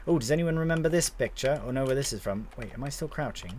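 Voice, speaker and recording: A man's voice: mid-range voice, lively intonation, fast, noisy background. A young man casually commentating his gameplay on a live stream, chatting to viewers and swearing now and then.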